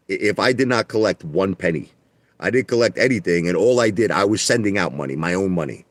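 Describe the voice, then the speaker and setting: A man's voice: low-pitched, animated, fast, no echo. A man hosting a livestream, talking in a defensive, repetitive, emphatic rant. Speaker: livestream host. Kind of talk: ranting livestream monologue.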